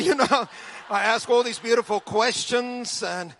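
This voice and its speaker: A man preaching a sermon, telling funny stories in an animated way. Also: high-pitched, unhurried, slight background noise. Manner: animated, humorous storytelling. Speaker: pastor.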